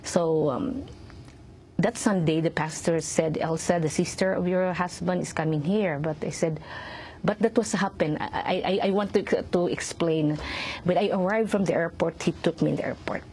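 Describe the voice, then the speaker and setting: A middle-aged woman recounting a personal story in an interview, her voice low-pitched and mellow. She speaks haltingly, restarting and repeating words, and acts out the lines of others. A faint hiss sits under the recording. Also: steady tone. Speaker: interview guest. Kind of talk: emotional personal testimony.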